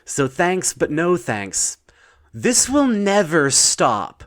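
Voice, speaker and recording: A man voicing a weary woman tenant who keeps a grim secret, speaking flatly and gloomily in a lowered voice. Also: slow pace, heavily acted. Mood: gloomy. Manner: flat, gloomy, resigned.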